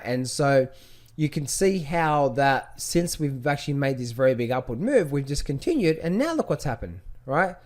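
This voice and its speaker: A man teaching trading over a screen-share of charts. He keeps asking the viewer rhetorical questions and repeats phrases as he points things out. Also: a little high. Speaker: trading educator.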